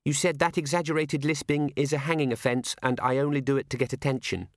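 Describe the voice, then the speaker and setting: A man's voice: medium pitch, fairly even intonation, fast, dry recording, clean studio sound, pitched above the performer's own voice, close to an everyday voice. A man voicing a small girl who plays up a cute, wheedling manner.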